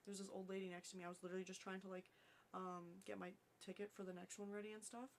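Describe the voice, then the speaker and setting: A woman's voice: mid-range voice, fast talker, a little hiss or hum. A young woman co-hosting a casual podcast, telling stories animatedly with lots of swearing and filler words. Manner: swears a lot, animated storytelling with many "like"s. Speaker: podcast co-host. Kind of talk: casual chat.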